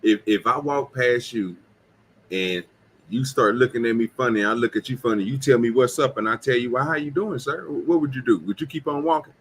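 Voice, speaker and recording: A man's voice: medium pitch, brisk, slight background noise. A man in casual podcast chat, rambling and acting out quoted lines. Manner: rambling storyteller, acts out quotes.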